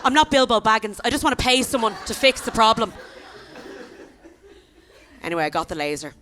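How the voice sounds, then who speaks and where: A woman in her thirties with an Irish accent, performing a chatty, animated stand-up set on a comedy club stage, tossing quick asides to the crowd. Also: fairly high pitch, slight background noise. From Ireland. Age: 30s.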